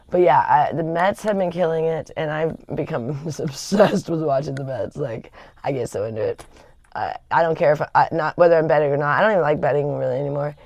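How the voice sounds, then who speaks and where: A woman's voice: sits low, a little fast, darkish tone. A woman chatting casually on a livestream, rambling with lots of fillers and laughter. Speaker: livestream host. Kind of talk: casual chat.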